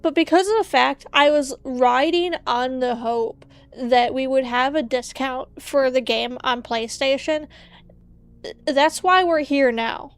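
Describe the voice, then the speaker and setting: Female streamer, unhurried casual chat, smooth clear voice, opinionated and playful. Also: sits high, dry recording. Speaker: VTuber streamer.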